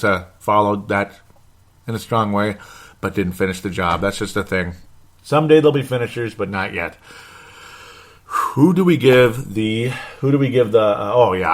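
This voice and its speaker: This is a casual sports podcast whose male host speaks in a lowish voice with a fairly bright tone. He's rambling and outspoken, laughing frequently and cursing mildly.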